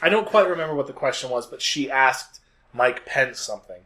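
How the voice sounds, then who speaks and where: A man's voice: mid-range voice, expressive, a little fast, sharp tone. A man co-hosting a podcast, chatting casually and rambling with hesitations. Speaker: podcast co-host. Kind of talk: casual chat.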